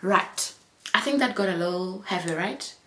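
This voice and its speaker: A woman vlogger in her thirties speaks in a reflective chat vlog. Her pitch sits in the middle, and she talks earnestly and from the heart. She pauses on fillers and restarts her phrases now and then. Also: animated, sharp tone, a little hiss or hum.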